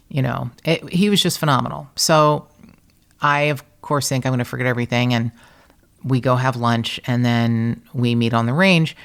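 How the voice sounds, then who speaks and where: A middle-aged American woman, a podcast host, telling a story in a casual, animated, profane and self-mocking way. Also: rumbling low, moderate pace, clean tone.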